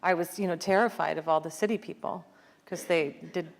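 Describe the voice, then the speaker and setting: A woman's voice: lowish voice, fairly even intonation, a little fast, gravelly. An American woman, an author, talking reflectively in an onstage conversation, with many fillers and restarts. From United States. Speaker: author guest.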